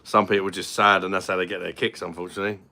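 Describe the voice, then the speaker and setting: A British man with a low voice and a bright, forceful edge hosts a relaxed livestream. He greets viewers and chats bluntly, joking and swearing as he goes. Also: very fast, creaky, a little hiss or hum. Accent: British English. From Britain. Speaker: livestream host. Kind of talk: casual livestream chat reading comments.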